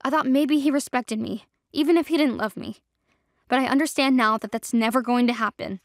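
A woman's voice: high voice, a little fast, no room sound, studio quality, lightly acted. A woman doing a heartbroken, tearful young woman. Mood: pleading, tearful. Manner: tearful, pleading, hushed at times. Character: heartbroken young woman, rejected mate, fragile.

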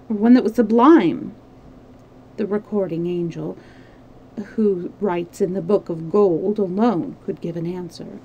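A woman reading a classic novel aloud as a storyteller, steady with small slips and restarts. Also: on the low side, a little slow, lo-fi sound, a little hiss or hum.

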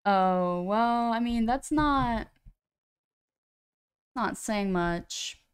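A woman's voice: on the high side, drawn-out words, smooth. A woman live-streaming a game, chatting casually to her viewers in a rambling, self-deprecating way into a computer mic.

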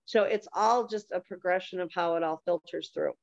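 A woman's voice: lowish voice, moderate pace, dry recording. A woman guest on a talk show, explaining things in a patient, teaching manner and giving examples. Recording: dull, dry lo-fi sound.

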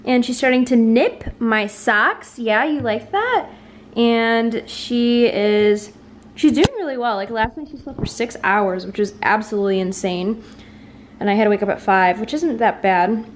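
High-voiced young woman vlogger. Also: moderate pace, a little hiss or hum. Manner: cooing baby talk to a puppy, chatty asides to viewers. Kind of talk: casual vlog with a new puppy.

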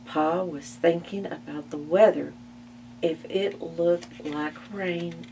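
A woman reads a children's picture book aloud for a library storytime, very slow and deliberate, with expressive gasps. She sits back from the mic, and a faint hum runs under the recording. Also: on the low side, recorded from a distance.

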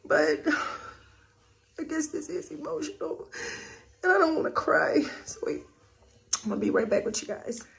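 A woman's voice: high voice, big pitch swings, normal speed, creaky, long pauses, a bit bright, rough recording. A woman vlogging in a candid, heartfelt way from home. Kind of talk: casual vlog chat. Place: indoors at home.

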